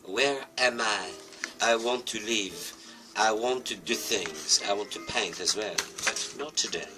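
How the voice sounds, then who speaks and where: A man voicing a small-winged male bird, proud and vengeful, speaking in slow theatrical declarations. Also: fairly low pitch, recorded from a distance, music in the background, close to an everyday voice. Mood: dreamy.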